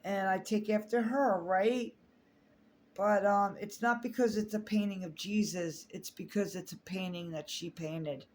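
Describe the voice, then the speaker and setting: Woman vlogging, trying not to cry, lots of ums and restarts, talks slow, faint noise behind. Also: mid-range voice. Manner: halting, tearful, many fillers and restarts. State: holding back tears. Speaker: artist sharing a personal story. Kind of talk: emotional personal vlog.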